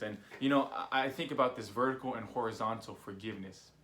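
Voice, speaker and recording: Here the youth director, a young adult man, talks quickly with few pauses in a mid-range, fairly bright voice. His casual online sermon recap is told as a story with fillers and acted-out quotes.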